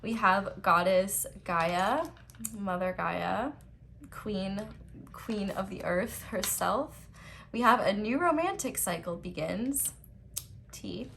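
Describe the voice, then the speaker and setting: A woman's voice: mid-range voice, lively intonation, takes it slowly, vocal fry, fairly bright tone, slight background noise. A young woman giving a casual tarot card reading at home, chatty and giggly, with rambling asides. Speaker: tarot reader.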